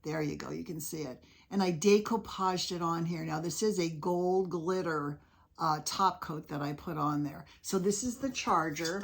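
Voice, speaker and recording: A woman hosting a casual crafting vlog, chatty and enthusiastic as she shows off her handmade pieces. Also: lowish voice. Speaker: craft video host.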